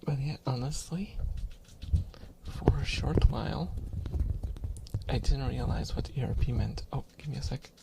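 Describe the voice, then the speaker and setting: Slow, gravelly soft-spoken man. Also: medium pitch, noisy background. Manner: rambling, chuckling, drifting into whispers. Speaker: ASMR streamer. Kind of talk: soft-spoken ASMR rambling.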